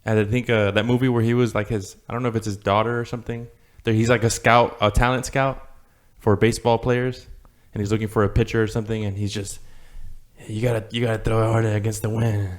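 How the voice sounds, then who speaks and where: A man's voice: fairly low pitch, level tone, fast talker. A man co-hosting a casual podcast, talking in a rambling, loose way. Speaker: podcast co-host. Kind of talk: casual chat.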